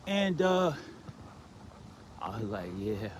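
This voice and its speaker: Animated man telling a rambling story. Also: slow pace, a little hiss or hum. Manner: rambling, frequent "you know what I'm saying" and "right?" fillers; animated, swings from low mutters to excited outbursts. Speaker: vlogger telling a personal story. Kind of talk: casual storytelling monologue.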